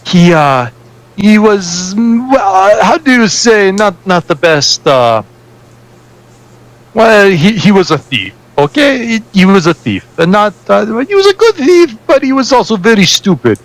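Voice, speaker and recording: A game master puts on a cowardly, shady fixer who rambles in a fake foreign accent and keeps pausing to hunt for the right words. The voice sits high and swoops widely, rising well above a plain speaking pitch. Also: male voice, big pitch swings, low-quality recording. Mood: rambling, evasive. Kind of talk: tabletop role-play character voice.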